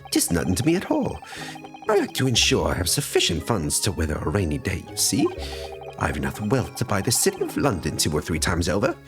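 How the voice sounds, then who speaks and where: A man putting on a booming, swooping Irish rich gent. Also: wildly swooping pitch, brisk, soft background music. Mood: boisterous. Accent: put-on Irish. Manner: booming and sing-song, with sudden high leaps. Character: boisterous, lavish, wealthy Irish gentleman. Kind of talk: reading game dialogue aloud.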